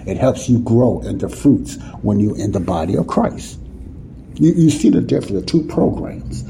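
A man preaches with a very dark, mellow voice, loose and conversational. He keeps checking in with his listeners and repeats his points. A faint hum sits behind him. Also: medium pitch, creaky, low-quality recording. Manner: repetitive, keeps asking "you see what I'm saying?"; conversational, folksy grammar. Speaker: Bible teacher. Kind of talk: informal sermon teaching.

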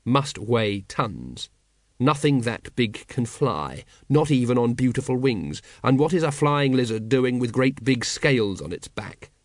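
A man voicing a weary, cynical city watch captain who talks gruffly and impatiently, reading a storybook. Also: mid-range voice, a little slow, no echo, studio quality, close to an everyday voice. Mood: scornful.

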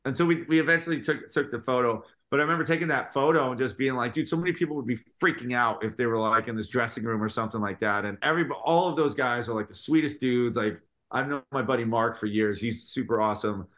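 A man, a guest musician on a podcast, telling stories in an animated, casual way, with lots of filler words. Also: medium pitch, fast. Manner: animated storytelling, full of fillers.

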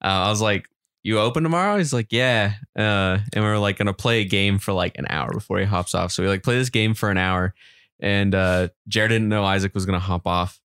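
A man's voice: deep voice, steady tone, brisk, a bit bright, clean tone, dry recording, clean studio sound. A man co-hosting a casual podcast, telling stories with laughs and swearing. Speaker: podcast co-host. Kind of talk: casual chat.

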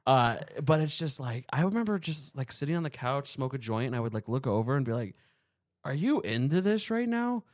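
Young male podcast co-host, mid-pitched, rambling, crude, filler-heavy banter. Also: fast, hardly any pauses. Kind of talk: casual crude podcast chat.

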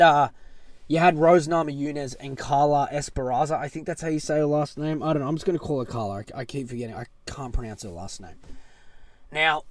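A man rants on his podcast in an excitable, foul-mouthed way, jumping between loud outbursts and low mutters. His voice sits a little high for a man. The sound is dry and close, with no room around it. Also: no echo. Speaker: podcast host. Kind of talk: casual solo podcast rant.

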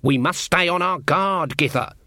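A man voicing a stern, sharp-tongued old female witch with a dry, scolding manner, in a storybook reading. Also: a little high, moderate pace, no room sound, pitched above the performer's own voice.

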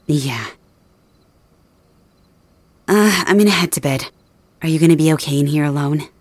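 A woman voicing a protective young female friend in an ASMR role-play, talking softly and reassuringly straight to the listener. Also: sits low, dry recording. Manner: soft, reassuring, addresses listener directly.

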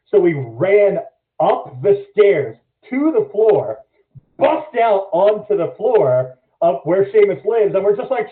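A man telling a story as a podcast guest in casual chat, animated and swearing freely. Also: sits high, takes it slowly. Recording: echoey, phone-like lo-fi audio.

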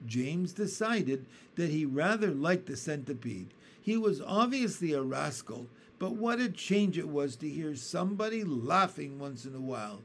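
A man narrating a children's storybook aloud in a gentle, expressive way. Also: a little high, measured pace, slight background noise. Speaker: reader.

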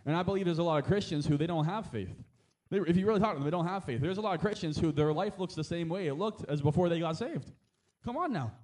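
A man's voice: on the high side, animated, fast talker, darkish tone. A man preaching a sermon as a pastor, talking in a conversational way with frequent amens and asides, and rising to emphatic exhortation.

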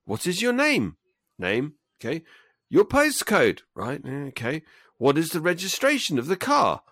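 A man's voice: fairly high pitch, wildly swooping pitch, measured pace, fairly bright tone, no room sound, studio quality. A man co-hosting a podcast in casual chat, ranting and acting out quoted phone calls. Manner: ranting, acts out quoted call-centre lines. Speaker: podcast co-host.

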